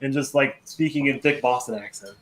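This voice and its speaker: A man co-hosting a podcast, chatting casually in an animated, sarcastic way and laughing often. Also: mid-range voice, fairly quick. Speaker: podcast co-host. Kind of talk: casual chat.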